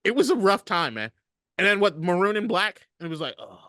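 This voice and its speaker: Profane, animated sports podcast man. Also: high-pitched, a little fast, no echo, studio quality. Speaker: podcast co-host. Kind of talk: casual sports chat.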